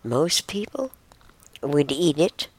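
Low giggly woman, rambling. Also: very animated, slow pace, husky, no echo. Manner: rambling, giggly, drifting into soft whispers. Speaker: podcast host. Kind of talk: casual solo talk.

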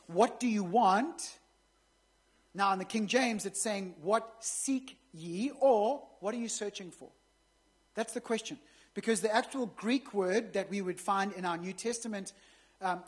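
A woman's voice: medium pitch, slightly rough. A woman pastor preaching a sermon in a conversational way, with joking asides to the congregation.

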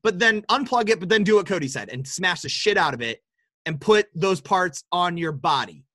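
Bright, animated young Midwestern man. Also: high voice, moderate pace, no room sound, studio quality. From American Midwest. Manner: joking, profane, teasing. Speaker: podcast co-host. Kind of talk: casual banter.

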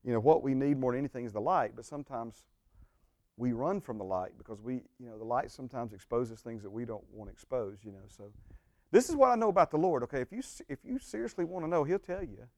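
A man's voice: medium pitch, animated, quick pace, a little mellow, no echo, studio quality. A man who is a pastor, teaching a church group in a folksy, joking way and saying amen often.

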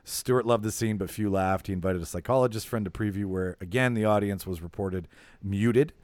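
Chatty low-voiced man telling stories. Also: brisk, a little mellow, dry recording. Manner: rambling storyteller, laughs often. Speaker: podcast host. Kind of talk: casual film podcast chat.

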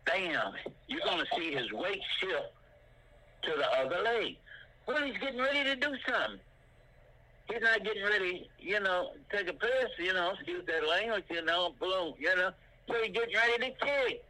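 An older man teaching martial arts in an animated way, punctuating his points with sound effects like boom and bam. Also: moderate pace, rough recording.

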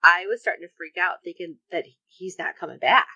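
A woman's voice: fairly low pitch, brisk, dry recording. A woman co-hosting a podcast, chatting casually about a TV episode and acting out characters' lines. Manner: animated, acts out characters' lines. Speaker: podcast co-host. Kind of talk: casual TV recap chat. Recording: dull lo-fi recording.

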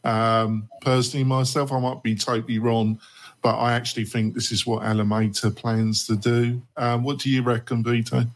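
Mid-pitched man steering a panel. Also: level tone, moderate pace. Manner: questioning, hedging, turns the discussion over to others. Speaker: podcast host. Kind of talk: casual panel discussion.

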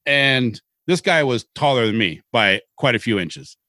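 A middle-aged man from Seattle tells long, rambling stories with animated turns and casual swearing. His voice sits mid-range and is recorded close and dry, with no room sound. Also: medium pitch, unhurried, dry recording. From Seattle, Washington. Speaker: podcast co-host. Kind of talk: casual storytelling chat.

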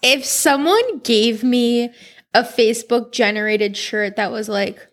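A woman's voice: a little high, a little slow. A woman co-hosting a casual chat, giving wry, opinionated takes.

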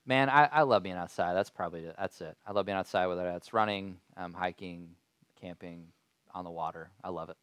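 A man's voice: low voice, fairly quick, a bit bright, clean tone, dry recording. A man who is a pastor, speaking in a friendly, easygoing way as a podcast guest. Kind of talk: casual podcast interview.

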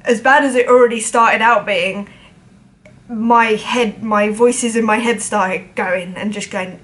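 A woman's voice: mid-range voice, fairly even intonation, a little slow, fairly bright tone. A woman drummer telling a personal story to camera in a chatty, self-deprecating way, acting out the voices of other people.

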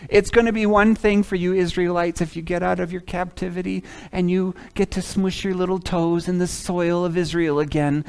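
A man preaching a sermon as a pastor, swinging from loud emphatic lines to hushed ones and acting out quoted speakers. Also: high-pitched, fairly even intonation, moderate pace, gravelly, hardly any pauses, clean tone. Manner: acts out the prophet's and God's words in quoted asides.

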